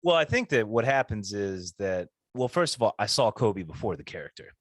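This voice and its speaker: A man co-hosting a casual podcast, telling animated stories, swearing freely and breaking into mock voices. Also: on the low side, normal speed, no echo. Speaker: podcast co-host. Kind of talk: casual chat. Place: living abroad, talking indoors.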